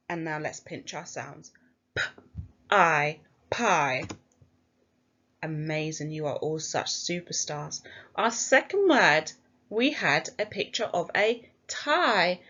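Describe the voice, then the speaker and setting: A woman teacher with an English accent leads a phonics lesson for young children, slowly sounding out letters and praising them in an encouraging, sing-song way. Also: mid-range voice, very animated, fairly bright tone, highs cut off. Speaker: primary school teacher.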